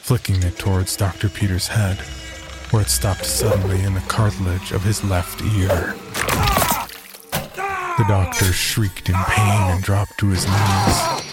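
A man giving scripted narration of a horror story in a measured, even way. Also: low voice. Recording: narration over loud music.

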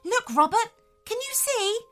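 A woman reading a children's story, voicing a kind but stern female scientist who talks briskly and confidently. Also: very high-pitched, animated, faint music behind, voice pushed up.

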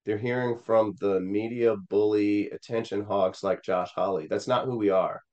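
A man from Missouri with a low voice tells a personal story as a guest in an interview. He speaks earnestly, with plenty of restarts and fillers as he goes. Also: fairly even intonation, normal speed, darkish tone, dull audio. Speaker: political candidate, guest.

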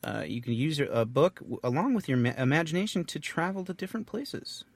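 A man's voice: on the high side, lively intonation, a little fast, creaky, no echo. A man co-hosting a comedy podcast, rambling and restarting as he riffs crudely about a book. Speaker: podcast co-host. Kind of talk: casual comedic chat.

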